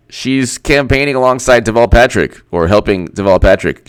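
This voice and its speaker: A man's voice: medium pitch, animated, fairly quick, hardly any pauses, fairly bright tone, clean tone, no room sound. A man giving casual political commentary in a sarcastic, mocking way, laughing often.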